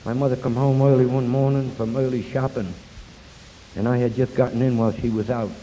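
A man's voice: mid-range voice, flat delivery, a little fast, mellow. An older man from New York telling his life story bluntly to an audience, speaking about recovery from drinking. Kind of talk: personal recovery talk to an audience. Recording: hissy recording in a reverberant hall.

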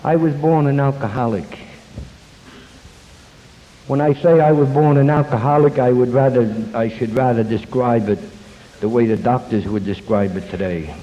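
An older man telling his life story at a recovery meeting, folksy and self-deprecating, pausing and restarting as he goes. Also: mid-range voice. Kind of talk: personal story talk with jokes. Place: meeting hall before an audience. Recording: dull lo-fi tape, long hall reverb.

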